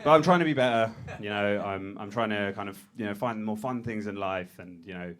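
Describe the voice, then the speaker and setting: A man's voice: fairly low pitch, a little fast. Self-deprecating male stand-up. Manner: self-deprecating, hesitant with fillers, deadpan. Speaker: stand-up comedian. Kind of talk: stand-up set. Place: comedy club stage.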